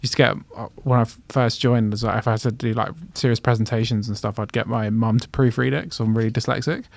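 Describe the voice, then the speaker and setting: A man's voice: medium pitch, fairly even intonation, fast, vocal fry, no echo. A man co-hosting a podcast, giving short agreeing replies and dry jokes. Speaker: podcast co-host. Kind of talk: casual chat.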